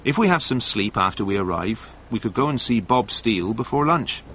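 A man reading a storybook aloud and voicing a calm young lorry driver in a slightly raised, measured voice. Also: fairly low pitch, a little hiss or hum.

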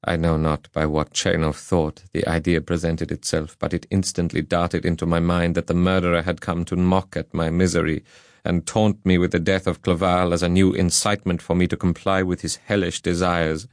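A man narrating an audiobook in a measured, solemn reading. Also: sits low, level tone, no echo, studio quality.

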